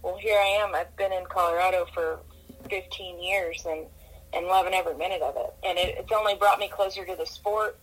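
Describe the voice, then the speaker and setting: A woman guest on a podcast, talkative and energetic, often restarting her sentences, who grew up in California. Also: fairly low pitch, fairly quick, poor audio. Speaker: podcast guest, rodeo commissioner. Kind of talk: casual interview talk.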